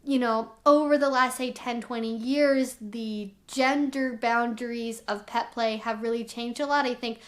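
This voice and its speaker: A woman's voice: fairly high pitch, fairly even intonation, unhurried, hardly any pauses. A young woman vlogging to camera as an educator, explaining herself candidly and with lots of "like" fillers. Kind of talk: talking to camera.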